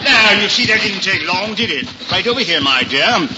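An actor playing a boastful, silly royal prince who blusters and stammers in an upper-class manner, on a storybook record. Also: male voice, high voice, lively intonation, moderate pace. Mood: gracious. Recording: dull, hissy old recording.

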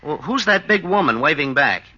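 A man's voice: on the high side, very animated, normal speed, sharp tone, husky, highs cut off. A man starring in a 1940s radio comedy, wisecracking and chuckling at his own jokes. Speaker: comedian, star of the show. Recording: noisy old radio broadcast.

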